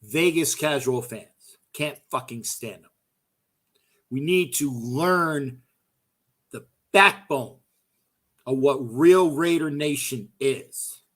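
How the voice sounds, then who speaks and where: A man's voice: mid-range voice, takes it slowly, pauses often. Fired-up, cursing male sports fan host. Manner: profane, fired-up, loud outbursts, repeats himself. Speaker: host of a fan call-in show. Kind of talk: heated casual fan rant.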